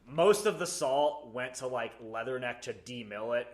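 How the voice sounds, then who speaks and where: A man's voice: medium pitch, normal speed. A man guesting on a podcast, telling stories in a heated, profane way, often restarting his sentences. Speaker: guest, military veteran. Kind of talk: casual interview chat.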